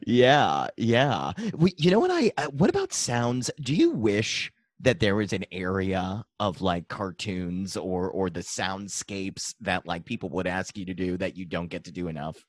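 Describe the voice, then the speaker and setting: A man's voice: low-pitched, big pitch swings, a little slow, hardly any pauses, no room sound, clean studio sound. A man hosting a podcast, rambling and laughing as he asks questions. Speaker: podcast host. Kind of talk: casual interview.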